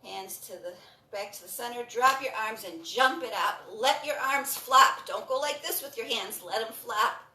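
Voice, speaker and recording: Calm woman guiding a breathing workout. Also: on the high side, moderate pace, far from the mic. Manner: calm, encouraging, repeats cues. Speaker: breathing and movement instructor. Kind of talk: guided exercise instruction. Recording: roomy sound from off the mic.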